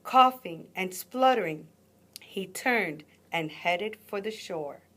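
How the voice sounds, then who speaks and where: Slow, expressive woman reading a story. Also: lowish voice. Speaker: guest reader. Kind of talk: reading a picture book aloud.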